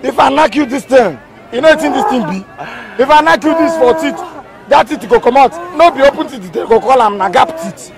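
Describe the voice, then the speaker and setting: Scornful Nigerian village king, high-pitched and threatening, crowd noise outdoors. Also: animated, brisk. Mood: menacing. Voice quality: blustering, mocking, threatening. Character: domineering male village king, mocking and threatening.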